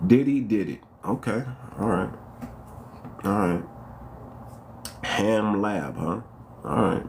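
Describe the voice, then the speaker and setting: An American livestream host speaks slowly and expressively in a fairly low voice with vocal fry and a slightly mellow tone, over light background noise. Addressing viewers directly and calling them out by name, he repeats phrases and fires off rhetorical questions one after another.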